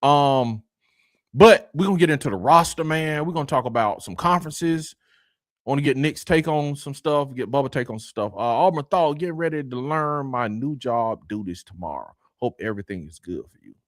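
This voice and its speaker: A man hosting a casual sports talk show, greeting viewers by name in a slangy, animated way. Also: mid-range voice, fairly quick, no room sound, studio quality.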